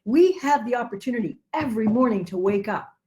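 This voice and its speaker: A woman, a Buddhist teacher, giving a dharma talk with animated, earnest storytelling. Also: fairly high pitch, a little fast.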